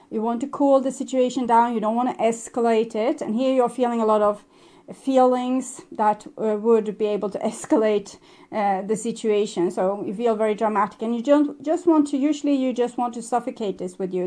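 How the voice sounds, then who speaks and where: A woman with as a giving a casual spoken tarot reading, gentle and reflective, with soft laughs and hesitations. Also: on the high side. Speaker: tarot reader.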